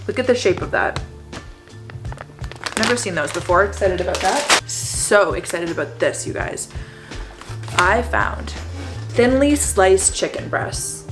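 A young Canadian woman in her twenties, chatting excitedly to her viewers as she shows off her shopping haul. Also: mid-range voice. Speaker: vlogger. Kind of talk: casual haul vlog.

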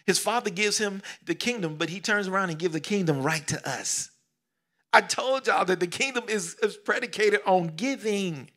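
A middle-aged man preaching a sermon, swinging between loud exclamations and hushed whispers, repeating phrases and calling out questions to the congregation. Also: high-pitched, normal speed. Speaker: pastor.

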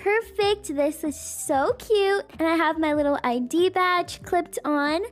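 A woman narrating a toy roleplay as a busy single mom, chatty and unhurried. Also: extremely high pitch, soft background music.

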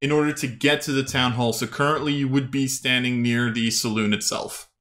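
A man of middle pitch narrates a tabletop game as game master. He rambles, fills gaps with fillers and laughs often. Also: steady tone, a little fast, fairly bright tone.

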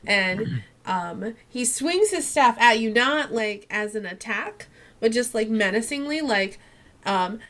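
A woman running a tabletop game as game master, narrating hesitantly with many pauses and ums. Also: on the high side, expressive, fairly bright tone.

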